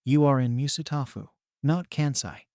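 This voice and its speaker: A man's voice: mid-range voice, normal speed, warm tone, dry recording, natural voice. A man voicing a vain, bullying middle-aged mother who sneers and swears, read in a dry, close sound. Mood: sneering.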